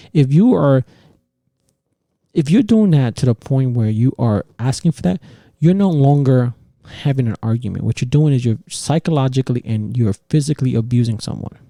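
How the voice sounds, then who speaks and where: A man's voice: mid-range voice, animated, normal speed, gravelly, mellow, dry recording, clean studio sound. A man hosting a podcast, ranting heatedly and profanely about relationships, mocking others in quoted voices. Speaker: podcast host. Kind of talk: casual opinion rant.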